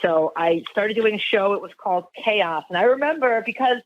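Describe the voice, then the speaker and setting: Woman radio host as podcast guest; rambling, filler-heavy storyteller; flat-sounding, dull recording. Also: mid-range voice, normal speed, no echo. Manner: rambling, lots of fillers and restarts. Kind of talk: casual interview storytelling.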